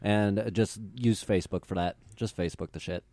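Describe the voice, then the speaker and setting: A man's voice: fairly low pitch, steady tone, moderate pace, dark tone, no echo. A man from the upper Midwest, a guest on a podcast, talking in a laid-back, plainspoken way. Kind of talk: casual podcast chat.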